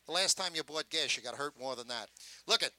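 An older man telling stories in a gruff, rambling, wisecracking way about his years as a sideshow showman. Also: a little high, animated, a little fast, pushed and bright, dry recording, low-quality recording. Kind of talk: casual storytelling.

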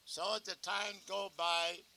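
A man's voice: sits high, level tone, measured pace, bright, forceful tone. An older man, a longtime newspaper seller, rambling about his years and calling out his paper cry. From New York. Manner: rambling, calls out paper cries.

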